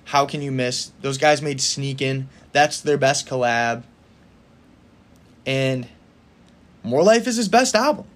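A man's voice: medium pitch, slow, long pauses. A young man hosting a casual solo podcast, talking enthusiastically and with firm opinions, often laughing between remarks. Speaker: podcast host.

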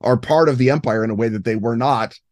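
A man talking as a guest on a gaming podcast, erudite and expansive, with a scattering of fillers. His mid-pitched voice is recorded close and dry. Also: fast, a little mellow, no echo. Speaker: guest game designer. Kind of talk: podcast interview.

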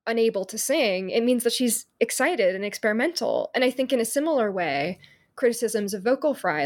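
Woman author in interview, articulate but filler-heavy, conversational. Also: mid-range voice. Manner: articulate, frequent fillers like "you know" and "um". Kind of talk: interview answers.

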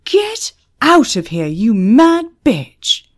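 A frantic male pub manager yells in a high, strained voice that cracks under pressure, as a woman narrator puts him on. He sounds loud and near to breaking. The tone is breathy and husky underneath. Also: wildly swooping pitch, very slow, heavily acted. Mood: frantic shouting. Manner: shrill frantic shouting, voice cracking. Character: panicked red-faced male pub manager.

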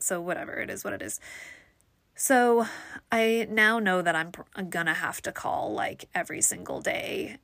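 A woman vlogging in a chatty, exasperated way, jumping into lively put-on voices whenever she quotes someone. Her voice sits mid-range and sounds close and dry, with no room around it. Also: mid-range voice, dry recording. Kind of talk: casual storytelling monologue.

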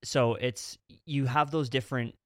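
A man's voice: medium pitch, fairly even intonation, unhurried, fairly bright tone, no echo, clean studio sound. A Canadian man with a mix of Eastern and Western Canadian accents, hosting a podcast in casual, rambling chat and often restarting his sentences. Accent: mixed Eastern and Western Canadian. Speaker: podcast host.

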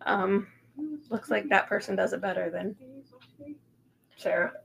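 A woman's voice: medium pitch, flat delivery, measured pace, vocal fry, fairly bright tone. A woman in her thirties co-hosting a casual podcast, chatty, full of ums and casual swearing. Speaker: podcast co-host. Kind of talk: casual chat recap.

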